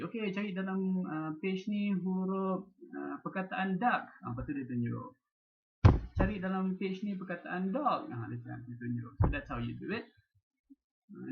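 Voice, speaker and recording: A man's voice: mid-range voice, vocal fry, dull audio. A young man with a Malaysian accent giving a recorded lecture, switching freely between English and Malay in a conversational teaching tone.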